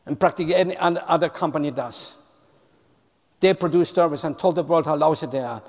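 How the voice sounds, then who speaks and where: A man with a high, gravelly voice gives a motivational talk on customer service, telling it as a story. He repeats words for emphasis and speaks with non-native phrasing. His voice rings with the long reverb of a large hall. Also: fairly quick, a little mellow.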